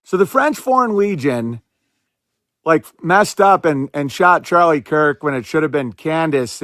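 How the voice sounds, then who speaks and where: Brief: male podcast host, slightly higher voice, sarcastic rapid-fire commentary, dry close sound. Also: a bit bright, no echo. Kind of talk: casual political commentary.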